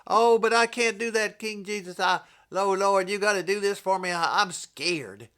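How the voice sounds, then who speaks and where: A man putting on the voice of a timid, whining churchgoing man who pleads in a mocking, high-pitched tone. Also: moderate pace, a bit bright, smooth. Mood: whiny.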